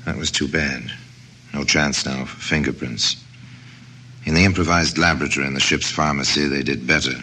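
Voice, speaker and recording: Narrator, male, extremely deep, measured and dramatic. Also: steady tone, sharp tone, a little hiss or hum. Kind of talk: scripted radio drama narration.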